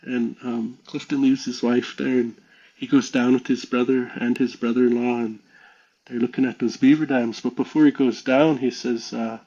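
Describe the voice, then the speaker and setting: Husky, rambling male storyteller. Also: medium pitch, level tone, moderate pace, warm tone, dull audio. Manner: rambling, chatty, fillers like "you know". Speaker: podcast guest. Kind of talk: casual storytelling.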